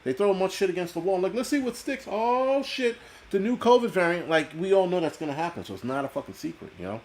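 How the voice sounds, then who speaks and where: A man with a high-sitting, expressive, slightly mellow voice talks quickly while hosting a live stream through a computer mic on a video call. He rants casually and bluntly, swears a lot, and reads viewer comments aloud.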